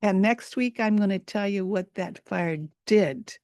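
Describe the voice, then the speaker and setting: A woman's voice: mid-range voice, unhurried, a little mellow, no echo, clean studio sound. A woman storyteller telling a folk tale live over a video call, repeating words for emphasis and dwelling on sensory detail.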